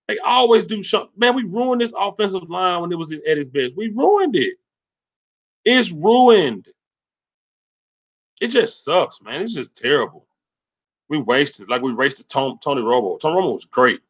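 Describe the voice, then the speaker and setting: A fired-up man with a drawl rants about his team on a livestream. His pitch leaps high when he gets heated and drops to low grumbles in between. He curses freely and sounds fed up. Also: expressive, moderate pace, dull audio. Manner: angry, profane, swinging from loud high rants to low mutters. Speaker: sports channel host. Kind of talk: profane livestream sports rant.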